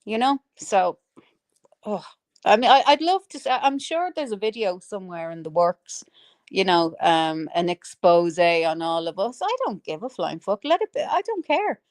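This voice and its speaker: A woman's voice: fairly low pitch, normal speed, a little mellow, no room sound. A woman hosting a livestream, delivering an angry, profane rant at her critics. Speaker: livestream host. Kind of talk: ranting livestream monologue.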